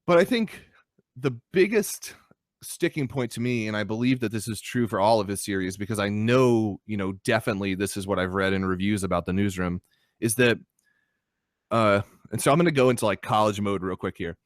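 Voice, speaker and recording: A young adult man co-hosting a podcast, talking in casual chat with animated, profane ranting. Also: on the low side, brisk, dry recording, clean studio sound. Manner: animated, swearing, ranting critique. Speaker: podcast co-host. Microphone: podcast microphone.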